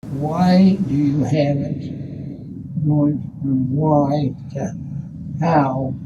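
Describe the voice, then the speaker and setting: An older man in an interview, telling stories from his career slowly, with many restarts and pauses. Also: fairly high pitch, steady tone, recorded from a distance, lo-fi sound, background noise. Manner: slow, halting storyteller with many restarts. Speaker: value engineering pioneer. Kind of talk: recollecting in an interview.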